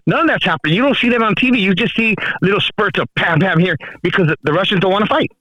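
Fast, bright-voiced joking man. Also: high-pitched, no room sound, low-quality recording. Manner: rambling, joking, many restarts. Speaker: podcast co-host calling in from the road. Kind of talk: casual podcast banter.

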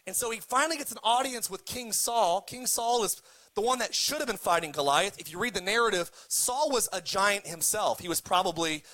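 Brisk and expressive, a man preaches as pastor in a high-pitched, pushed, bright voice. He tosses in jokes and easygoing scripture retellings, prompting the congregation to repeat words back.

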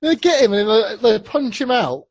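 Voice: mid-range voice, sing-song, normal speed, a crowd in the background. A podcast co-host chatting casually, emphatic in opinions. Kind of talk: casual chat.

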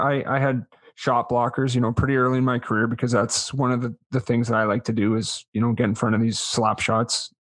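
A man's voice: medium pitch, fairly bright tone, dry recording, studio quality. A man guesting on a casual podcast, telling a story in an easygoing, self-deprecating way. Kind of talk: casual chat.

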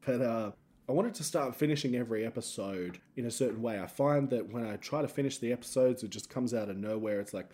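A man's voice: mid-range voice, fast talker, warm tone. An Australian man hosting a solo podcast, rambling and self-mocking as he tells stories. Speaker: podcast host and comedian.

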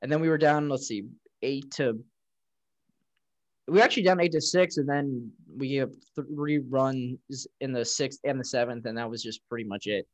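A man's voice: mid-range voice, moderate pace, no echo, rough recording. A man co-hosting a casual sports talk show, recapping game stats with frequent restarts. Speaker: podcast co-host.

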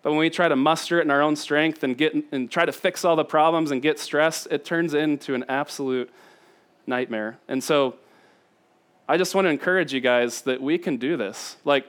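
A man's voice: a little high, normal speed, a bit bright, smooth. A man in his thirties from Indiana, preaching a sermon built on family stories, laughing often and talking with many fillers. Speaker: pastor.

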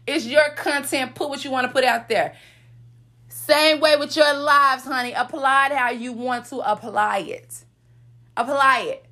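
Podcast host, woman; high-pitched, sassy, motivational preaching. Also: sharp tone. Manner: sassy, preachy, calls out to listeners with "honey" and "come on, somebody".

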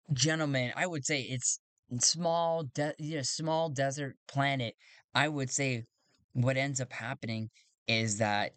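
Game master man, mid pitch, dry close sound, casual self-correcting narration. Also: no echo. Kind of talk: narrating a solo tabletop game.

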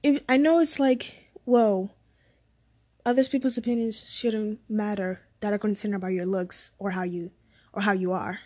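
A woman's voice: mid-range voice, steady tone, normal speed, darkish tone. A young woman from the Dominican Republic telling a personal story in a rambling, casual way that often goes off track. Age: young adult. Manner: rambling, sidetracked, laughs often. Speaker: vlogger.

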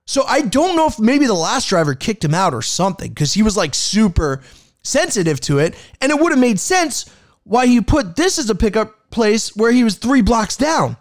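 A man's voice: high voice, moderate pace, dry recording, studio quality. A man, a rideshare driver, telling a casual anecdote with profanity and acted-out dialogue. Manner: animated, profane, acts out dialogue.

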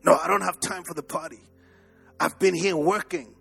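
A preacher voicing a bitter older son. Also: male voice, sits high, steady tone, normal speed, vocal fry, fairly bright tone, slightly rough, soft background music, full character voice. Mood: indignant. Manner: complaining, indignant.

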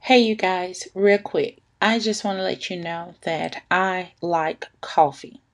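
Young woman hosting a podcast, chatty, laughing, unhurried, bright tone, dry close sound. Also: fairly low pitch, no echo. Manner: chatty, laughs often, addresses listeners as y'all. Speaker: podcast host. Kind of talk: casual personal podcast monologue.

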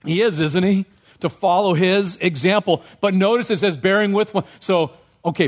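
A man's voice: high-pitched, moderate pace. A man preaching a sermon as pastor, often checking in with the congregation with questions. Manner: asks the congregation questions, rising when stirred.

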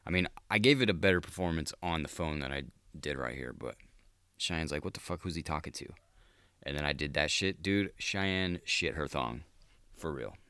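A man's voice: very deep voice, lively intonation, normal speed, bright, forceful tone, smooth, no room sound. A man hosting a solo podcast, talking in a profane, rambling, casual monologue. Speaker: podcast host.

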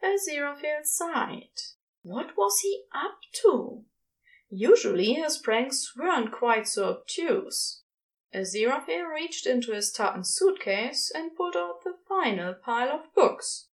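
A woman reading a fan story aloud in a gentle, expressive narration. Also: high-pitched, measured pace. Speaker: podfic reader. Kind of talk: scripted narration.

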